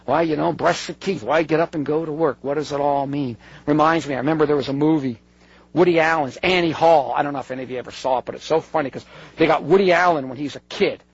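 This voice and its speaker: A man's voice: fairly high pitch, fast talker, vocal fry, slightly rough, no echo. A man giving a conversational talk to an audience, digressive and earnest, often breaking off mid-sentence and circling back. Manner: digressive, self-interrupting, earnest. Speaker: speaker addressing an audience. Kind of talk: conversational talk with read-out quotes. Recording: dull lo-fi recording.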